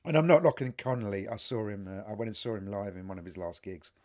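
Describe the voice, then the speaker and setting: A British man co-hosting a casual podcast chat, animated, laughing often and swearing freely. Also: fairly low pitch, quick pace. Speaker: podcast co-host.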